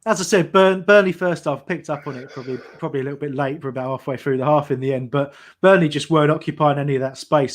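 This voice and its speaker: A fairly high-voiced man talks through a football match as it unfolds on a fan watch-along stream. He is chatty and thinks aloud, often restarting his sentences as he works through his point. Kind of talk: live football commentary and analysis.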